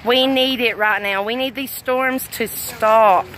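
A middle-aged Arkansas woman with a Southern accent runs a casual livestream outdoors at a fireworks tent after a storm, phone at arm's length and a little out of breath. Her slightly high, fairly bright voice stays steady in tone and moves slowly and leisurely, and she's chatty and affectionate, reading comments aloud with frequent laughs. A little hiss or hum marks the low-quality recording.

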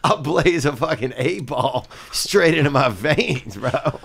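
Man, thirties, podcast co-host, lively pitch, drawling casual bro-talk. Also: takes it slowly, gravelly. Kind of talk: casual comedic chat.

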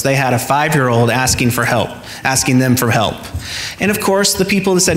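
A male pastor giving a sermon, telling stories in a relaxed conversational way to the congregation. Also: medium pitch, fairly quick. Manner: conversational storytelling, addresses the congregation directly. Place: church sanctuary. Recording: echoey church hall with long reverb.

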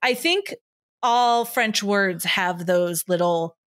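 A woman's voice: medium pitch, slow pace, a bit bright, no echo, studio quality. Laughing, rambling woman podcast co-host. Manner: laughing, rambling, self-mocking. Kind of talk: casual chat.

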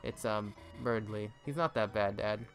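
A man voicing a shy, gentle teenage reindeer girl from a video game. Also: lowish voice, unhurried, soft background music. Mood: sheepish.

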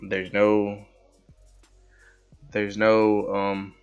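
Deep-voiced man rambling over gameplay. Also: extremely slow, vocal fry, smooth. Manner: rambling, excitable, self-mocking. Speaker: gaming channel host. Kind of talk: casual gameplay commentary voice-over. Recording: dull lo-fi with background music.

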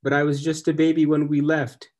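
A man's voice: a little high, monotone, fairly quick, pitched above the performer's own voice, close to an everyday voice. Young man voicing a shy schoolgirl. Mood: worried.

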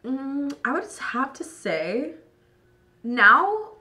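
Young woman vlogger, tipsy and slightly hoarse, bright-voiced, chatty and profane. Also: high-pitched, sing-song, very slow. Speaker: beauty vlogger. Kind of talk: tipsy casual chat while doing makeup.

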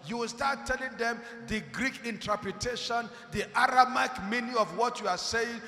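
A man preaching a dramatic sermon, swinging from shouts to hushed tones and calling out to the congregation. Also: very high-pitched, normal speed. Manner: calls out to the congregation. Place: church hall. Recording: echoey church hall.

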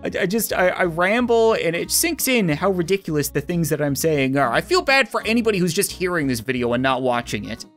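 A woman's voice: fairly low pitch, very animated, brisk, few pauses, faint music behind. A woman giving rambling, sarcastic commentary while playing a video game. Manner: rambling, sarcastic, laughs often. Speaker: gaming video host. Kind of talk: let's play commentary.

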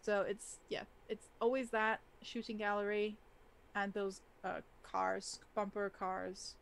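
A woman from Austria with an Austrian accent, co-hosting a casual podcast chat, lively and swearing freely. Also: medium pitch, takes it slowly, gravelly, clear, resonant tone. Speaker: co-host.

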